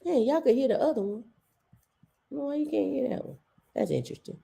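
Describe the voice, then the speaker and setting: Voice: high voice, lively intonation, fairly quick, gravelly, warm tone. A show host giving loose, chatty livestream commentary with casual slang.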